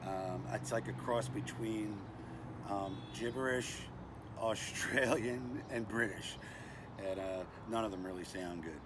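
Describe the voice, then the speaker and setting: Older guy rambling through a gear review, says uh and anyway a lot, pretty noisy recording. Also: fairly low pitch. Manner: chatty and self-deprecating, frequent "uh" and "anyway". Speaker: knife review channel host. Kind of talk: casual product review vlog.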